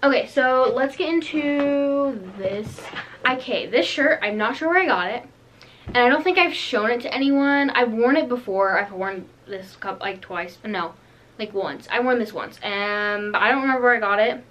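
A woman's voice: fairly high pitch, normal speed, fairly bright tone, slight background noise. A teenage girl doing a casual clothing haul, rambling and chatty, full of "like" and "um". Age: teens. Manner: bubbly, rambling, lots of "like" and "um". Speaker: vlogger.

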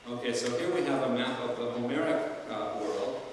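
A man's voice: mid-range voice, brisk, a little hiss or hum. Lecturing man in an echoey hall. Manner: thoughtful, many fillers and restarts. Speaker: professor of classics. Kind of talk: lecture to alumni. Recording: roomy hall, distant mic.

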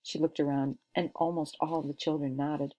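A woman reading a children's book aloud with expressive storytelling. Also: low voice, moderate pace. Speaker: narrator.

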